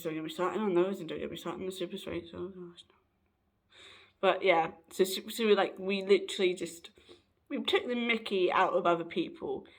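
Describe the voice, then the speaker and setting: A young trans man, giving a chatty, joking pep talk to camera. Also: high voice. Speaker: vlogger.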